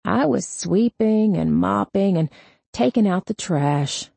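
Woman voicing a raspy, panicky male ex-con. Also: mid-range voice, expressive, slow, dark tone, no echo, exaggerated voice. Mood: defiant. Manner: pleading, screaming in panic. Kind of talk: audiobook character voice.

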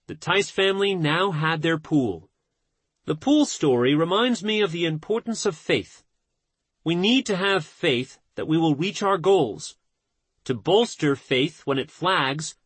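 A man reading a self-help book aloud in a measured, earnest manner. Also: a little high, fairly bright tone, slightly rough, dry recording. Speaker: audiobook narrator. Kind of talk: scripted narration.

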